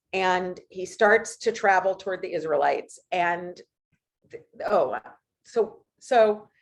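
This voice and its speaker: Woman giving a casual Torah talk. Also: fairly low pitch. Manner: conversational, many restarts and asides. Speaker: service leader.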